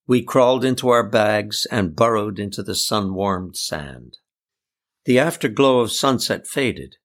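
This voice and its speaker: Low-voiced male storyteller. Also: expressive, a little slow. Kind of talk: scripted first-person narration.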